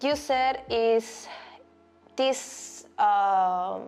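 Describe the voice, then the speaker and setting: A woman's voice: fairly high pitch, drawn-out words, darkish tone. A woman from Paraguay, a native Spanish speaker with a Paraguayan accent and strong R's, chatting casually in English and often restarting her sentences. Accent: Paraguayan Spanish, strong rolled R's. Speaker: new team member.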